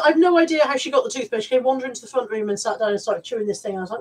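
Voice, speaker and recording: A woman's voice: fairly high pitch, rapid-fire, slightly rough, rough recording. A middle-aged woman chatting casually on a live stream, reading out viewer comments and talking about her resale stock. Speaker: vlogger and reseller.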